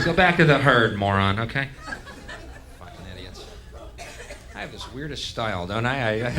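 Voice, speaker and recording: A stand-up comedian ranting angrily on stage, swinging between loud outbursts and low mutters. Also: male voice, animated, moderate pace, pauses often, heavy background noise.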